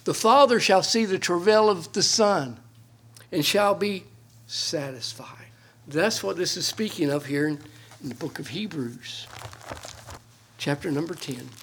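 A man preaching a sermon, his voice slightly husky and pitched a little high for a man. He talks in a folksy, earnest way, rising to emphatic peaks and falling to quiet asides. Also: animated, measured pace. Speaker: pastor.

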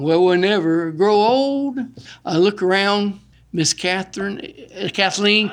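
A middle-aged man preaching a sermon in a folksy, excitable storytelling way, out of breath. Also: high-pitched. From Florida. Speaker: pastor.

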